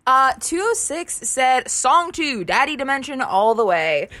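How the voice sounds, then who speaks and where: A woman's voice: sits high, sing-song, measured pace, bright, forceful tone. A woman co-hosting a morning radio show, giggling and reading out listener texts in casual banter. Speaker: radio co-host.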